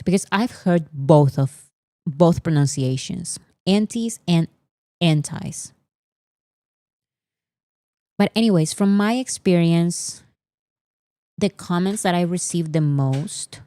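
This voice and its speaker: A woman's voice: lowish voice, dark tone, no room sound, clean studio sound. A woman hosting a casual livestream, chatting in an opinionated way with many fillers. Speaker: livestream host.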